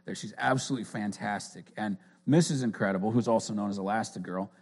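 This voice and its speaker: A man's voice: on the low side, fast, darkish tone, breathy edge. A man giving an informal sermon in an earnest, conversational way, often restarting his sentences. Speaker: preacher.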